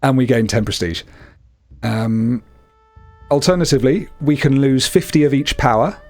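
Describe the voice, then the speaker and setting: Man, relaxed co-op gamer, jokey, reads options out; faint music underneath. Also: medium pitch, normal speed. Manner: reads game text aloud, laid-back and joking. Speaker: co-op gamer, channel host. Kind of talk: casual gameplay chat.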